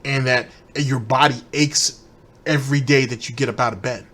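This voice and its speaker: A man's voice: mid-range voice, fairly even intonation, normal speed, bright, forceful tone. A man hosting a commentary show, delivering a heated, repetitive, accusatory rant aimed straight at one person. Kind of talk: ranting commentary.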